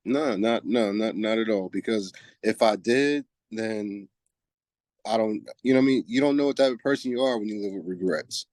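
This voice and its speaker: Speaking at a moderate pace, the man has a lowish, darkish voice captured in a dry recording. A softball player in his forties from New Jersey, he's a podcast guest in easygoing interview chat. He reflects in a laid-back way and keeps saying "you know what I mean."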